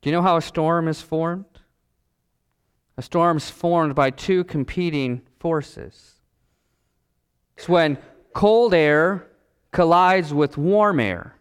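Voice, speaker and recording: Slow, smooth-voiced preaching man. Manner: dramatic preaching with long pauses and big swings in pitch. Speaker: pastor. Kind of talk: sermon.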